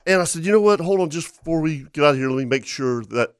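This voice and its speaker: A man's voice: on the high side, quick pace, clear, resonant tone, dry recording, clean studio sound. A man, co-hosting a radio show and telling a funny hunting story through laughter and stumbles. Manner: animated, laughing, stumbles over words. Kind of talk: casual storytelling chat.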